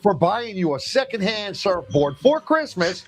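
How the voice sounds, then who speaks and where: Man from new jersey, high voice, animated storyteller, casual podcast chat. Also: unhurried. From New Jersey, USA. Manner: animated storyteller, mimics his family in quotes. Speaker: podcast co-host.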